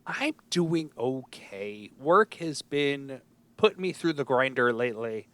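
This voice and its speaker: A man hosting a podcast in casual chat, with a nasal voice and a halting way of talking. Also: medium pitch, sing-song, fairly bright tone, dry recording. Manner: halting, with many restarts and fillers. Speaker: podcast host.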